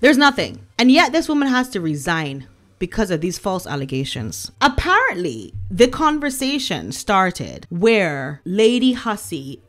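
A woman's voice: mid-range voice, wildly swooping pitch, unhurried, a bit bright. A woman from Barbados with a Barbadian accent, ranting in an emphatic, sarcastic, scornful way as a commentary vlogger. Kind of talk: opinion rant.

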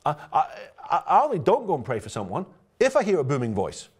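A pastor preaches a conversational sermon, telling stories straight to his congregation in a lively, direct way. His voice is fairly high, fast and husky.

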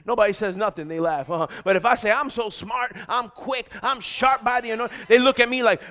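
Talking fast with hardly any pauses, this high-pitched middle-aged pastor preaches with energy and exhortation, shouting his emphatic points and calling out lines for the congregation to echo.

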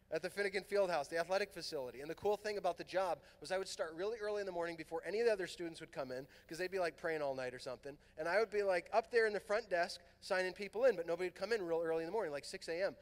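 A middle-aged man from Southern California telling a lively personal story at a youth conference, acting out the voices in his dialogue. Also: fairly high pitch, very fast. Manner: animated, acts out quoted dialogue. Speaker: priest and conference speaker. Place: large fieldhouse hall. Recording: long hall reverb.

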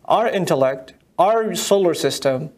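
A man teaching a Quran commentary lecture, firing mocking rhetorical questions and reciting Arabic verses rapidly. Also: fairly high pitch, expressive, a little mellow. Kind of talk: tafsir lecture.

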